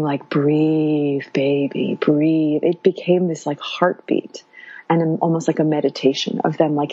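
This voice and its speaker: A woman's voice: low voice, dark tone, slightly rough, dry recording. A woman in her thirties casually recounting a personal story in an interview, meandering with many fillers. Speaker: guest sharing birth story. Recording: dull lo-fi sound.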